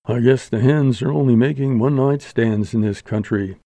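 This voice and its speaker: A man's voice: mid-range voice, moderate pace, dark tone, no room sound, natural voice. A man voicing a vain young male actor in an audiobook, slangy and mock-solemn. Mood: sulky. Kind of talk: audiobook character voice.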